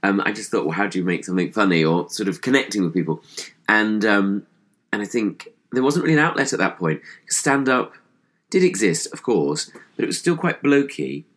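A man's voice: lowish voice, expressive, fairly quick, fairly bright tone. A young man with a posh English accent, chatting as a comedian guest in an interview, thoughtful and hesitant with many fillers. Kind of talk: casual interview chat.

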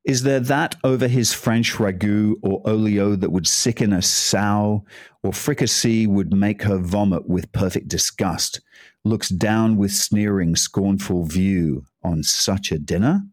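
A man hosting, chatting casually before reading a poem aloud in plain English at a measured pace. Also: on the low side, no room sound, clean studio sound. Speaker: host.

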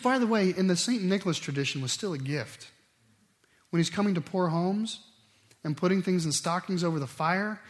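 A middle-aged man preaching a sermon, animated, swinging between loud emphatic stretches and quiet asides. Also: on the high side. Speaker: pastor.

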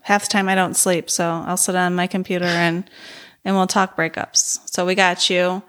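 A woman co-hosting a podcast in casual chat, animated and quick to laugh as she tells stories. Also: fairly low pitch. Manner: animated, laughs often, lively storyteller. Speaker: podcast co-host.

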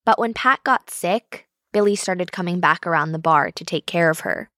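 Woman narrator, lowish voice, dry studio read, steady. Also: normal speed, no room sound. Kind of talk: scripted documentary narration.

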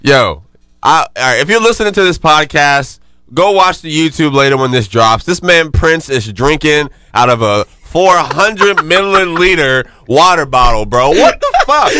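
A man hosting a casual podcast, telling a profane, animated story and joking with friends. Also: a little high, normal speed, clean tone. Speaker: podcast host.

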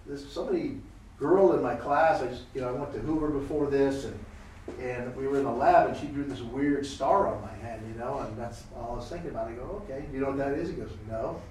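A brisk, mid-range male voice belongs to a preacher recounting an anecdote in a prayer sermon, lively and playing each character's voice. Captured from a distance in a reverberant room, with slight background noise.

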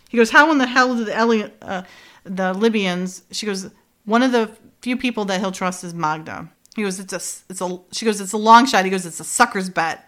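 Her voice sits in the middle range with a slightly bright quality. As a co-host on a relaxed podcast, she's animatedly going over a TV episode, laughing while she quotes the characters.

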